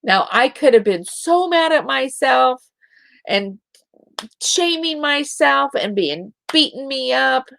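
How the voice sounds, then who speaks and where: A middle-aged woman hosting a spiritual talk show, speaking in a slow, gentle and encouraging way to her listeners. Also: high-pitched, lively intonation, creaky, dry recording. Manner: gentle, encouraging, drawn-out delivery with soft giggles.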